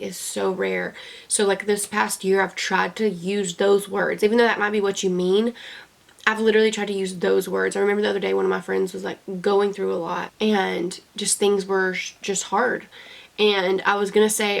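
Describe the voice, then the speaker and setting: A young woman speaks straight to her camera in a heartfelt video diary, her voice full of deep vocal fry. She rambles earnestly, circling back with fillers and restarts. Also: level tone, normal speed. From United States. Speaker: beauty vlogger.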